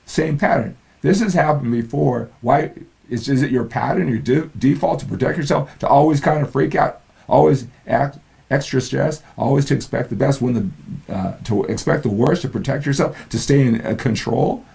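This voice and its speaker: A man's voice: medium pitch, normal speed, creaky, a little mellow. An older man giving an earnest motivational talk as a fitness and mindset coach, often checking in with the listener. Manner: earnest, peppers lines with "right?".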